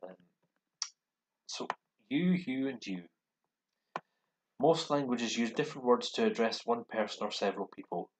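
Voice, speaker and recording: A man's voice: medium pitch, unhurried, pauses often, slight background noise, poor audio. A Scottish man talking through a language course in a casual, hesitant way, full of ums and restarts. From Scotland. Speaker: language learner vlogger. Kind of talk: casual explanatory walkthrough. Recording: voice with computer speakers playing.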